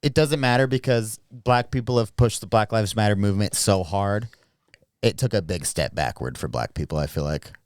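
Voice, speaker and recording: A man hosting a podcast, talking in blunt casual chat full of swearing and quick restarts. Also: lowish voice, clear, resonant tone, no echo, clean studio sound. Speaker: podcast host.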